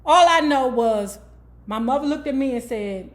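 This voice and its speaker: A woman's voice: sits high, lively intonation, normal speed. A woman from Washington, D.C. hosting a book club vlog, casually retelling a life story with candid, profane asides and frequent "okay?" check-ins.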